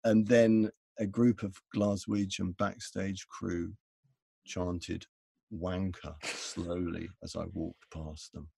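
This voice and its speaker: Man, middle-aged, deep gravelly voice, husky, dry close sound, animated storyteller. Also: takes it slowly, hardly any pauses, no room sound. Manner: animated anecdote-telling with frequent restarts and laughter. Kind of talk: conversational storytelling.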